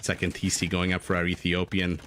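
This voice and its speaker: Male live game caster, low voice, chatty and digressive, quick with jokes. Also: completely flat delivery, fairly bright tone, faint music behind. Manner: chatty, jokey, digressive, reads out chat messages. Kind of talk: live game commentary with chat.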